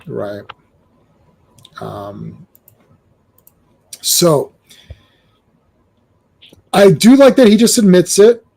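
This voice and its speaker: A man hosting a casual comic book discussion, animated, with stammering restarts and acted-out quotes. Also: high-pitched, extremely slow, gravelly, pauses often. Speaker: comic book show host.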